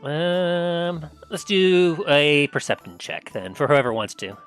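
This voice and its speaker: A man's voice: on the high side, takes it slowly, a bit bright, faint music behind. A man narrating a tabletop game as game master, rambling with many fillers.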